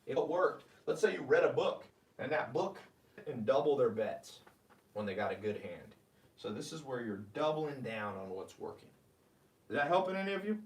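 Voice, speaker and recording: A man's voice: mid-range voice, normal speed. Guy hyping up money advice on a livestream, reading out comments, kinda far from the mic in an echoey room. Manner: energetic, animated, preachy, reads viewer comments aloud. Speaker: host. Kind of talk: live-streamed money advice talk.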